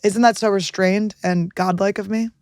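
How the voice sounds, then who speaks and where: A woman hosting a podcast, telling stories in crude, excitable casual chat on a close studio mic. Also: medium pitch, moderate pace, dry recording. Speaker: podcast host.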